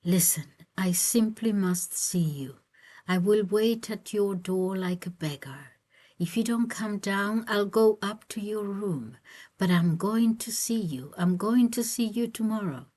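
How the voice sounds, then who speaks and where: A woman reading aloud, voicing an ardent young man who keeps pleading with a married woman in a hushed, whispered voice. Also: mid-range voice, unhurried, pitched above the performer's own voice, natural voice. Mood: pleading ardently.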